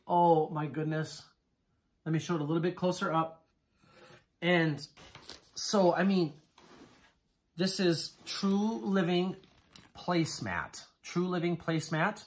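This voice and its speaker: A man vlogging to camera as he unpacks items, gushing and exclamatory, excited with shaking hands, often stopping to say how amazed he is. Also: on the high side, slow pace, pauses often. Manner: gushing, exclamatory, keeps repeating "oh my goodness". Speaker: haul vlogger. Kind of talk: casual unboxing chat to camera.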